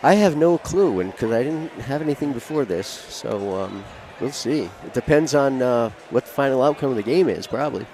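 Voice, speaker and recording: A man commenting on a high school basketball game, chatting and joking with his co-host between plays. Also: animated, normal speed, few pauses, a little mellow. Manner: chatty, jokey banter with co-host. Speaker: play-by-play commentator. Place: school gymnasium. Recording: noisy gym with ball bounces.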